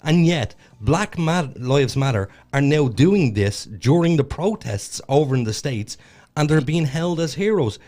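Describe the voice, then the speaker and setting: A man's voice: on the high side, animated, measured pace, a little mellow. An Irish man co-hosting a podcast, chatting casually in a blunt, profane, ranting way. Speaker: podcast co-host. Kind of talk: casual chat.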